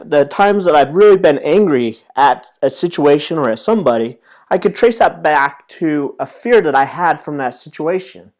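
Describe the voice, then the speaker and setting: A man in his thirties giving a casual motivational talk as a self-improvement trainer, earnest and storytelling, with frequent restarts. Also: a little high. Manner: earnest, storytelling, many restarts and repeated words.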